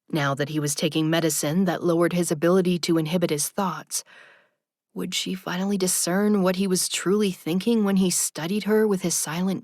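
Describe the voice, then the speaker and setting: A woman reading an audiobook narration in a soft, even, intimate manner. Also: on the low side, no room sound, studio quality.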